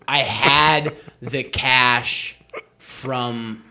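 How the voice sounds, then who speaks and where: A man's voice: medium pitch, steady tone, very slow, creaky, bright, forceful tone, clear, resonant tone. A young man, a podcast guest, telling a rambling, self-mocking story in casual chat, often laughing.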